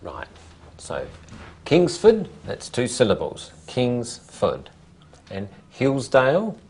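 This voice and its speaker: A language teacher explaining syllable stress to a class, modelling words slowly and deliberately, and prompting students with short questions. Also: medium pitch, wildly swooping pitch, darkish tone.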